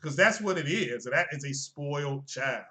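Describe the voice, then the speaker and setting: A man's voice: a little high, expressive, moderate pace, sharp tone. A man streaming casual commentary on tech and games, emphatic and chiding, asking his viewers rhetorical questions.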